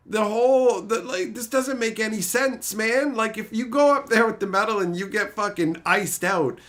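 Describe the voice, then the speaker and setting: A man's voice: high voice, a bit bright. A man streaming a casual, profane rant, sounding exasperated and incredulous.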